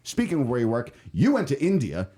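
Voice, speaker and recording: A man's voice: medium pitch, wildly swooping pitch, fairly quick, warm tone, slightly rough. A man hosting a casual podcast chat with an Irish accent, joking around and laughing often. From Ireland. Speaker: podcast host.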